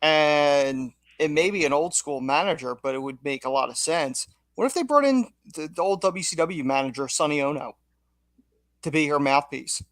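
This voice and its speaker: A man's voice: on the high side, normal speed, a bit bright, no echo. A man co-hosting a casual wrestling podcast, offering his opinions with stammered restarts. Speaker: podcast co-host.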